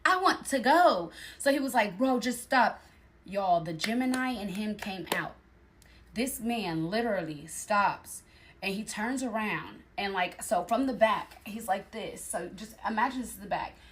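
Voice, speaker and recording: A young woman telling a dating story in a casual storytime, animated and acting out the other people's voices. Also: medium pitch, a little slow, a little hiss or hum. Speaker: storyteller in a clip.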